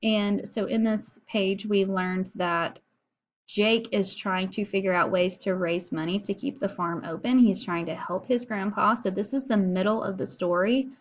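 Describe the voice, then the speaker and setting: A woman teacher walks her students through a recorded lesson in a relaxed, chatty way. She explains as she goes, often pausing on an um or uh. Her voice sits at an ordinary middle pitch. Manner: casual and explanatory, with frequent fillers.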